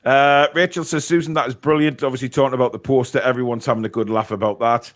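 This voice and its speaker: A man's voice: medium pitch, fairly even intonation, quick pace, dry recording. A man hosting a casual live stream, reading viewer comments aloud with lots of fillers. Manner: chatty, reads viewer comments, many fillers. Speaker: host.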